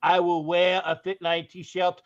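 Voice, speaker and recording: A podcast host with a high-pitched voice speaks unhurriedly and completely flat during casual sports talk, yet his manner is joking and boisterous, and he breaks into song. The audio is dull and lo-fi.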